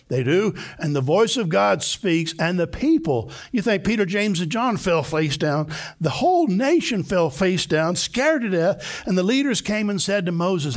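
Before a live congregation in a church, a male pastor tells a story emphatically, acting out the voices of its characters. His voice sits high with big pitch swings, and he takes his time.

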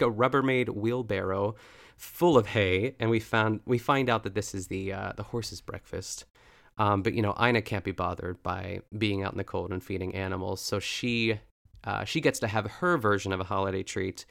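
Man host, lowish gravelly voice, loose rambling recap delivery with lots of "um" and "like". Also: a bit bright. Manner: chatty, rambling, full of fillers and self-corrections, laughing to himself. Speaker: podcast host recapping a cooking show episode. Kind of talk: casual chat.

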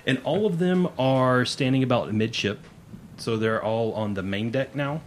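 A man's voice: mid-range voice, moderate pace, a little hiss or hum. A man narrating a tabletop game as game master, in a casual, rambling way with frequent self-corrections.

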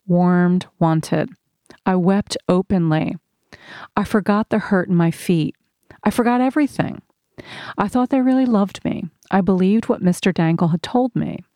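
A woman narrating a first-person audiobook in a slow, measured reading. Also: lowish voice, darkish tone, no room sound, studio quality.

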